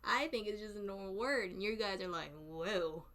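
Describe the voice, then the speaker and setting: A woman's voice: mid-range voice, a little fast, bright, forceful tone. A young woman with a Southern US accent, chatting casually with her live stream chat, playful and often laughing.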